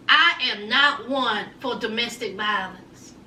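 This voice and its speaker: Sassy woman, very high voice, slow delivery, dramatic reality-show recap, echoey room, mic at a distance. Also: lively intonation, bright, forceful tone, slight background noise. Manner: sassy, dramatic, addresses viewers directly.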